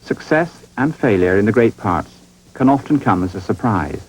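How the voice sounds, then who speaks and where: A man giving measured, formal scripted narration for a documentary. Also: on the low side, animated, a little mellow. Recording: dull lo-fi tape with faint hum.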